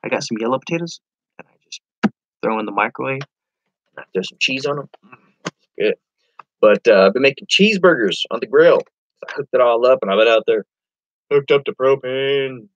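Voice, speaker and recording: A man's voice: mid-range voice, no room sound, dull audio. A man chatting casually on a live stream as an online reseller, rambling to viewers and reading their comments aloud.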